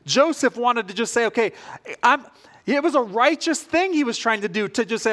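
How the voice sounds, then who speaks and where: A man's voice: very high-pitched, animated, moderate pace, fairly bright tone. A male pastor preaching a sermon, telling a story and acting out the people in it with rising energy. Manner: storytelling, acts out quoted voices with rising energy.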